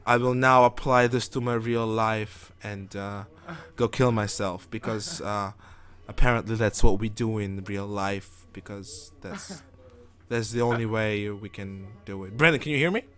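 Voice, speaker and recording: A man's voice: lowish voice, unhurried, a bit bright. A man from Europe co-hosting a live gaming show, rambling and joking in casual banter full of fillers and restarts.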